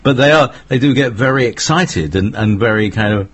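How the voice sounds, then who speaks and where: A man's voice: medium pitch, moderate pace, a bit bright, breathy edge, highs cut off. A man hosting a casual spiritual conversation, speaking reflectively and asking his guest questions.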